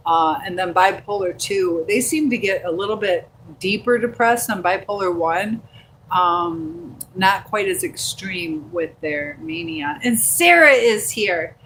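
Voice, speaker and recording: A woman's voice: mid-range voice, a bit bright, slight background noise, low-quality recording. Chatty woman hosting a phone livestream. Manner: chatty and rambling, reading viewer comments aloud with many fillers. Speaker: livestream host. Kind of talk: casual live-stream chat. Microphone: handheld phone.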